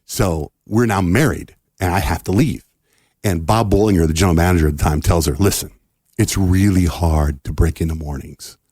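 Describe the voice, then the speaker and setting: A middle-aged American radio host with a low, husky voice tells a long story at a moderate pace during a podcast interview. He is an animated storyteller who acts out the people and their quoted dialogue casually, and the recording is dry and studio quality.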